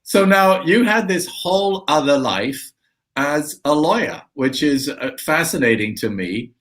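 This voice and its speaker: A man in casual conversation tells anecdotes in a relaxed, playful way. He drops into quick imitations and laughs along. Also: fairly high pitch. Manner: storytelling, mimics voices, laughs often. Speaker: host and actor. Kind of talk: casual chat.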